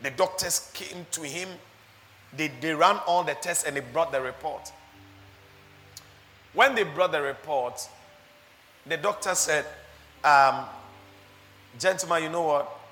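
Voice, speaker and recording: A man preaching a sermon as pastor, animated, laughing often and asking his listeners rhetorical questions. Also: fairly high pitch, slow, pauses often, in a large hall.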